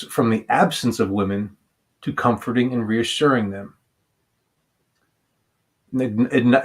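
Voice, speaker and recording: Man in a relaxed vlog, mid-pitched, slow and halting, thinks aloud with frequent restarts. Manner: hesitant, halting, with many pauses and restarts. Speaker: vlogger discussing a song. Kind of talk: casual musing monologue.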